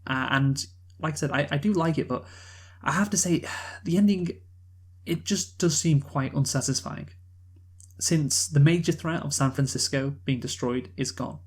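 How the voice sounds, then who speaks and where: A man's voice: fairly high pitch, moderate pace, husky. Rambling casual man reviewing a film. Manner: rambling, full of fillers and restarts, swears casually. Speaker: podcast co-host reviewing a film. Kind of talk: casual chat.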